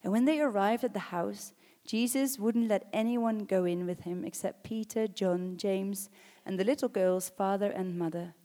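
Woman preacher, sermon, emphatic, builds to loud calls, long hall reverb. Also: medium pitch, moderate pace, hardly any pauses.

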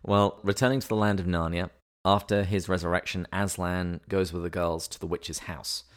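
Podcast co-host, male, very low voice, measured and explanatory; a teacherly podcast discussion. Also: little pitch movement. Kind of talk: podcast discussion of literature and theology.

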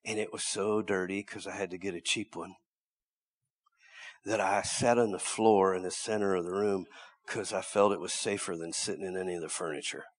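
A male preacher telling a story in a sermon, dramatic, swinging from loud cries down to hushed whispers. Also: low voice, fairly even intonation, moderate pace.

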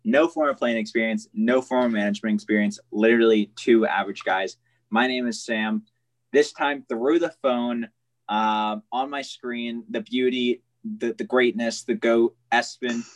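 A man's voice: mid-range voice, fairly even intonation, normal speed. A young man co-hosting a casual sports podcast, easygoing and chatty, often calling his friend "man". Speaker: podcast co-host.

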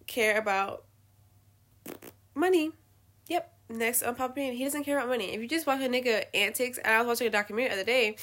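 A young woman giving blunt, profane opinions in a casual rant to the camera. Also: on the high side. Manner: blunt, swearing, animated ranting. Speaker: vlogger.

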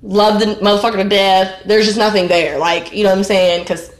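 A woman's voice: medium pitch, steady tone, brisk. Blunt, profane woman telling a story. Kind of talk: casual storytelling chat. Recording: roomy echo.

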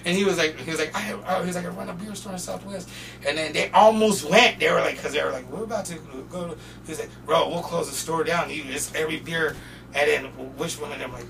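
A young man from Portland, a podcast guest, telling loose, profane stories in casual chat and shouting when he quotes people. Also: fairly high pitch, quick pace, vocal fry, a crowd in the background. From Portland, Oregon. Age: young adult. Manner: loose, profane, animated storyteller who often shouts when quoting people. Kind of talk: casual storytelling. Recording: distant mic with faint noise.

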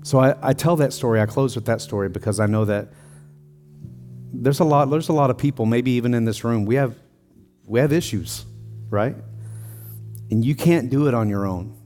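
A man's voice: medium pitch, moderate pace, pauses often, a little mellow, soft background music. A middle-aged man preaching to a congregation with an earnest, heartfelt delivery. His voice sits in an ordinary middle register. He lifts his voice with feeling as he presses his point home. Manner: earnest, building to emotional intensity in a personal story. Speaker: pastor. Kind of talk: sermon.

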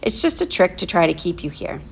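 A woman voicing a calm, deliberate middle-aged father who speaks in a measured, quietly firm way. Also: fairly low pitch, vocal fry, slight background noise.

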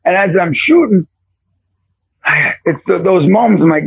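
A man's voice: on the high side, big pitch swings, normal speed, gravelly, breathy edge, dry recording, poor audio. A middle-aged man, a preacher and youth basketball coach, telling a story in a faith conversation and acting out the voices in it with big jumps.

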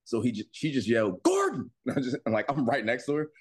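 A man co-hosting a podcast, joking with playful, quick asides in casual banter. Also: medium pitch, no echo, clean studio sound. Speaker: podcast co-host.

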